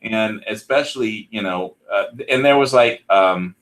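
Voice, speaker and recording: A man in casual chat, a recording engineer who rambles excitedly and trails off mid-sentence. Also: lowish voice, unhurried.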